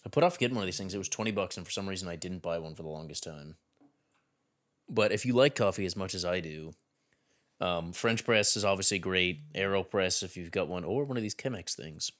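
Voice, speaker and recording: A man co-hosting a podcast, chatting in a relaxed, matter-of-fact way. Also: deep voice, brisk. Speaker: podcast co-host. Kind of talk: casual podcast chat.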